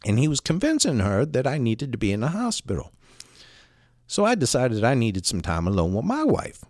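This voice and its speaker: A man telling a personal story in a halting, conversational way, often repeating words and restarting. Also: medium pitch, wildly swooping pitch, a little mellow, dry recording, clean studio sound. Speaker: storyteller recounting a personal experience. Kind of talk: first-person spoken storytelling.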